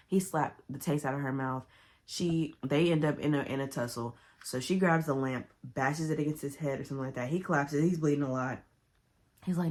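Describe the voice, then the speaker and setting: A woman casually recapping a book to camera, animated and chatty. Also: low-pitched, a little fast. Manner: chatty, animated retelling with loud quoted outbursts. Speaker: book vlogger.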